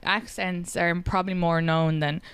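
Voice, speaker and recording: A woman's voice: lowish voice, steady tone, normal speed, clean tone, dry recording. An Irish woman, a comedian guest, chatting casually and telling stories with lots of "like" fillers. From Ireland. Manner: chatty storyteller, many "like" fillers. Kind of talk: casual chat.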